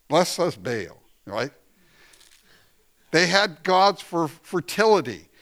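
A man preaching a sermon in a relaxed, talky way, breaking into short laughs and acting out quoted voices. His voice sits a little high for a man. His pitch swings widely from phrase to phrase. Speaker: pastor.

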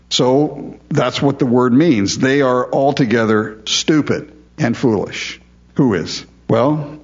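A husky man preaching in a plain, conversational way and pressing his points with questions to the listeners. His voice sits in an ordinary middle range. The sound is a dull, lo-fi recording. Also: mid-range voice. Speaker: pastor. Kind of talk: verse-by-verse Bible teaching sermon.

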